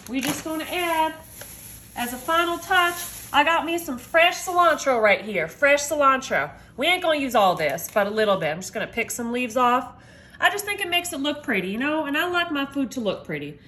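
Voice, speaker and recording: A woman's voice: high-pitched, fairly bright tone. A mother and home cook chatting casually to viewers while she makes a dinner, upbeat and talkative, calling them y'all. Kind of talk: casual cooking video chat.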